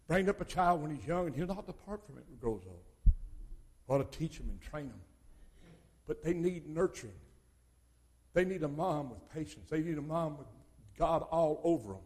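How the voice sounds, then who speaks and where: An older man preaching a sermon as pastor, swinging between loud exhortation and quiet asides. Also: on the high side, slightly rough.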